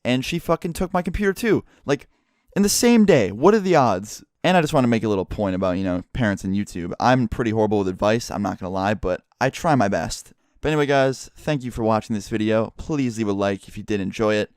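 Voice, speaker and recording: A man's voice: fairly low pitch, animated, fast, darkish tone, clean tone, dry recording, studio quality. A young man telling a story to his viewers in a casual, rambling way, swearing often and filling gaps with "like". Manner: profane, rambling, heavy use of "like". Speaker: YouTuber.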